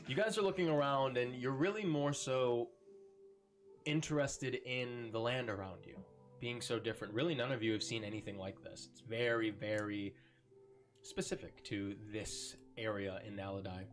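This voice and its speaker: A man narrates as game master, feeling his way through descriptions with frequent ums and likes. His voice sits at an ordinary middle pitch. He keeps a relaxed, unhurried pace for the scene. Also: soft background music.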